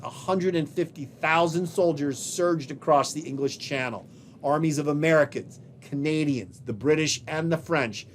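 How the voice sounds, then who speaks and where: Speaking in a somewhat high voice, a man delivers a recorded history lecture, pointing out images on the slides at his back and drawing out key phrases slowly for emphasis.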